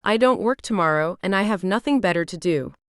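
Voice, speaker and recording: A woman voicing a friendly, easygoing young man who talks in a kind, relaxed way, in an audiobook reading. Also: medium pitch, fairly quick, smooth, no room sound, clean studio sound, natural voice.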